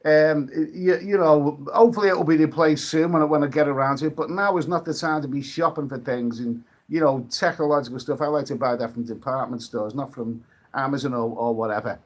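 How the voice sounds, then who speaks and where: A man from the UK, hosting a casual live stream, rambling and halting with many restarts while reading out viewer comments and drinking. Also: on the high side, steady tone. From United Kingdom.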